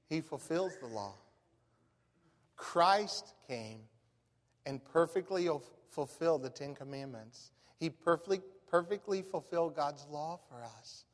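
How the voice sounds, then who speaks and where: A folksy pastor preaching a sermon, his voice pitched high for a man. He tells stories in an animated, down-home way. A long reverb from a large hall hangs behind every word. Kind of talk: storytelling sermon.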